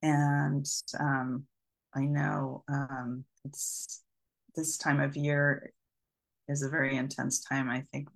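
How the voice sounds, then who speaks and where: Gravelly, low-voiced woman, hesitant. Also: level tone, takes it slowly, poor audio. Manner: hesitant, many ums. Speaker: co-host. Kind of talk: casual livestream chat.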